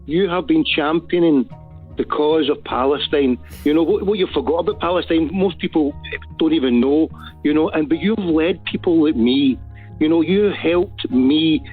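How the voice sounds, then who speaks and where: A man's voice: a little high, normal speed, breathy edge, faint music behind. A man with a Glaswegian accent calling in to a talk show, speaking fervently in a rambling, devout way. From Glasgow, Scotland. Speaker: caller. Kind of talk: call-in phone chat. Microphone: phone. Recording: tinny phone line.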